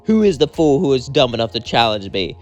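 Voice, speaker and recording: A man's voice: mid-range voice, big pitch swings, a little fast, faint music behind, lightly acted. A man voicing a boastful male villain fighter in a spoken fan story, in a mocking tone.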